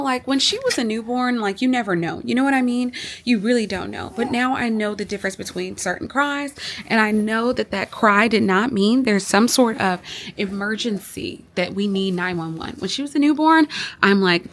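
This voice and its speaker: Young woman, casual confessional vlogger, worn out and teary, rambling delivery, gravelly fry at the ends of phrases. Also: on the high side. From United States. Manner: emotional, venting, rambling with many fillers. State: tired and teary. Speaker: vlogger, mother.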